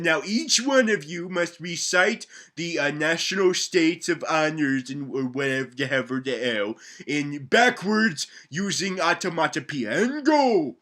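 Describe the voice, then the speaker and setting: A man's voice: fairly high pitch, animated, measured pace, hardly any pauses, fairly bright tone. A man doing a pompous, muddled schoolteacher. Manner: pompous, rambling.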